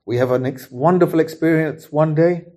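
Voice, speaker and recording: A man preaching a sermon in a measured, earnest way, reading scripture aloud and leading the congregation in prayer. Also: fairly high pitch, warm tone.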